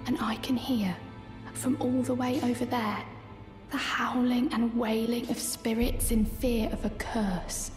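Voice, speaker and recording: An actress with a soft Birmingham accent playing a gentle, hushed young woman in a game. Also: fairly high pitch, flat delivery, a little slow, echoey room, long reverb tail, faint music behind, close to an everyday voice. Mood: uneasy. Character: soft-spoken young woman spirit-hearer.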